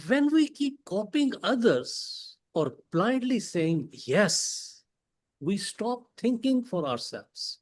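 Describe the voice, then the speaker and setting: A man with a Pakistani English accent giving a prepared motivational speech at a club meeting, emphatic, with dramatic pauses and rhetorical questions. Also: sits high, big pitch swings, poor audio. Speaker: club speaker. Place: meeting hall.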